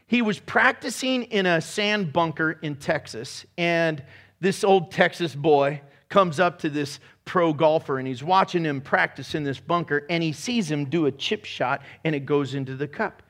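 A man preaching a sermon to a room, energetic and animated, breaking into shouts and laughs. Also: fairly high pitch, normal speed. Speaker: pastor. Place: church room with congregation.

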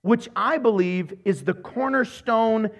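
A middle-aged male pastor with a fairly high voice delivers a sermon. He preaches in an animated, playful way and slips into short acted-out voices as he tells stories. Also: takes it slowly. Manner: animated, playful, acts out voices in his retellings.

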